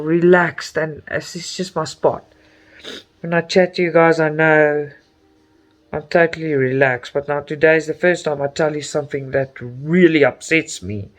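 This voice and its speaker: Stitching as he talks, a middle-aged Afrikaans-speaking South African cross-stitch vlogger chats away, openly emotional and exclaiming often. His pitch is fairly high.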